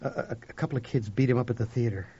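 A man reading a first-person story aloud, with a dramatic delivery that swings between hushed whispers and loud outbursts. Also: medium pitch, fast talker, husky. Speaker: audiobook narrator. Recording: dull lo-fi recording.

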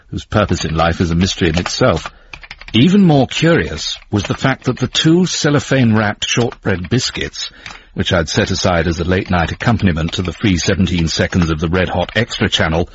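A man's voice: low voice, lo-fi sound, noisy background. An actor playing a weary, sardonic middle-aged male writer, giving dry, wry scripted narration.

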